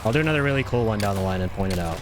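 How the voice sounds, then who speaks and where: Lowish in pitch but very fast with lively intonation, this game streamer jokes around and drops ironic, mock-serious comments. His casual commentary rambles, and he often restarts his sentences.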